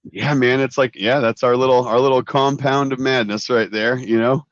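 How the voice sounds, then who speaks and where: A man's voice: mid-range voice, steady tone, normal speed, no echo. A man co-hosting a casual livestream from his honeymoon, easygoing and rambling with lots of fillers. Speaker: co-host, company owner. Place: outdoors on honeymoon at a beach resort. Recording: dull lo-fi stream audio.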